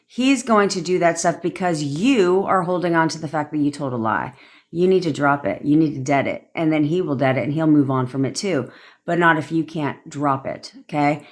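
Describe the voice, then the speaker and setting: A woman's voice: deep voice, moderate pace. A woman manifestation coach giving blunt, rambling advice on a live stream, swearing freely as she reads and answers viewer comments.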